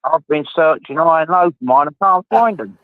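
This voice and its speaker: A male caller chatting casually with a host, relaxed and quick to agree with short yeahs. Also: a little high. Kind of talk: casual phone chat. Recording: tinny phone line.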